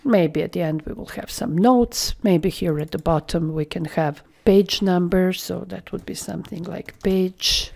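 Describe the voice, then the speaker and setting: A woman giving a screen-recorded software tutorial, thinking aloud as she works and dropping into half-whispered asides. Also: on the low side, unhurried, gravelly, few pauses. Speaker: software trainer.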